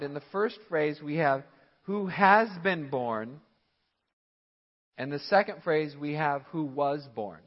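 A man preaching a sermon as pastor, emphatic and repeating key phrases for stress. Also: fairly high pitch. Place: church sanctuary. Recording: church hall reverb, dull lo-fi audio.

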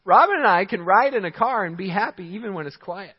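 A man's voice: high-pitched, expressive, fast talker, husky. A man preaching a sermon as pastor, emphatic, giving short commands and chuckling at his own points. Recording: dull sound in a large hall with long reverb.

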